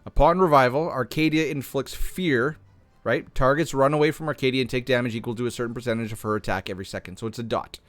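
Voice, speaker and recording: A man with a slightly hoarse voice reading game patch notes aloud and reasoning through them, often correcting himself mid-sentence. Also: mid-range voice, fast talker, no room sound, faint music behind. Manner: thinks aloud, restarts and self-corrects. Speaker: gaming content creator.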